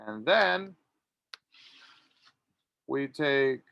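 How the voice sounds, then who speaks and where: A man teaching an English grammar lesson, reading model sentences slowly and clearly for students to repeat. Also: mid-range voice, lively intonation, lo-fi sound, background noise. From Latin America. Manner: slow, drawn-out model sentences.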